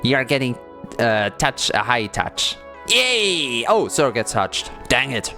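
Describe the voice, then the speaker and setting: A chatty, giggly streamer talking through a visual novel live and thinking aloud about the story. The voice sits mid-pitch but swings widely, jumping into high excited squeals. The pace is slow and unhurried, with faint music behind. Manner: bursts into high excited squeals when greeting; reads game narration in a soft, low, dreamy tone. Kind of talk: live-stream gameplay commentary.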